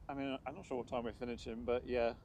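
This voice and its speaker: A man's voice: mid-range voice, level tone, fast talker, darkish tone. Male co-host, easygoing banter, talks to viewers, recorded outdoors with light background noise. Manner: chatty, greets viewers and banters. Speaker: plane spotting stream co-host. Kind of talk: casual live commentary. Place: outdoors beside an airport runway.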